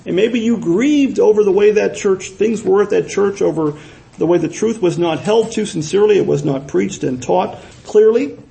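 A man's voice: high-pitched, normal speed, gravelly, dark tone, low-quality recording. A man preaching a sermon as pastor, earnest, repeating words for emphasis and asking his listeners questions.

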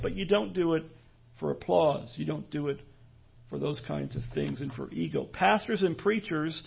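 A pastor preaching a sermon in an earnest, measured way, pausing and restarting as he goes. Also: high voice, vocal fry, husky, lo-fi sound.

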